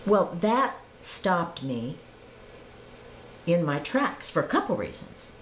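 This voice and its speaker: Earnest woman telling her story, lively pitch. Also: takes it slowly, echoey room, slight background noise, poor audio. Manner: earnest, reflective, emphatic repetition. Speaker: speaker recording personal spiritual tapes. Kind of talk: personal spiritual testimony monologue.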